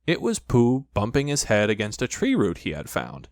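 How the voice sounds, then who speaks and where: A man reading a children's storybook aloud, with lively, expressive storytelling. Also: lowish voice, moderate pace, dry recording. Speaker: audiobook narrator.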